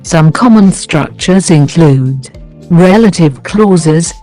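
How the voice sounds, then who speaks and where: A narrator reading a scripted English lesson, working through numbered points and example sentences in a measured way. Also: mid-range voice, dark tone, rough recording. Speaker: English teacher.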